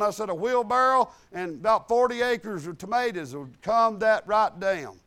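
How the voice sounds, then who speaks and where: A man's voice: sits high, animated, normal speed, hardly any pauses, a bit bright. A man preaching a sermon, retelling talks with God and mixing scripture quotes with folksy plain talk.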